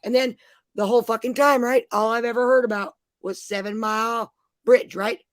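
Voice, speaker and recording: A woman's voice: a little high, fairly even intonation, normal speed, no echo. A middle-aged woman, a mother, telling rambling, profane travel stories in casual chat.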